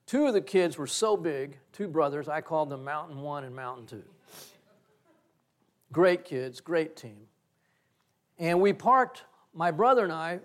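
A middle-aged male pastor preaching a sermon, telling a story with animated swings and sudden loud bursts. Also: fairly high pitch.

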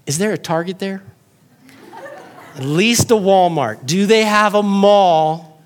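A man's voice: high-pitched, slow pace. A man voicing a fussy, shopping-minded wife who asks skeptical questions.

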